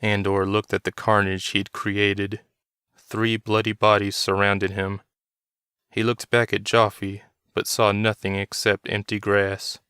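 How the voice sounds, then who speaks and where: A man narrates a dark story in a steady, measured way, his voice low and smooth. The recording is dry and close, with no room sound. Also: no echo. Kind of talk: reading a story aloud.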